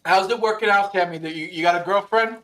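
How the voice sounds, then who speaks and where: A brash, profane man hosts a call-in show in a notably high voice. He talks over people and repeats himself. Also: quick pace, very noisy.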